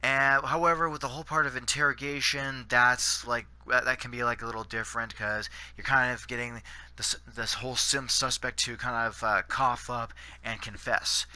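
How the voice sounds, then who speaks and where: A man's voice: mid-range voice, little pitch movement, moderate pace, bright, forceful tone, no room sound. A Canadian man giving rambling gameplay commentary, full of fillers and restarts. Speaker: gaming channel host.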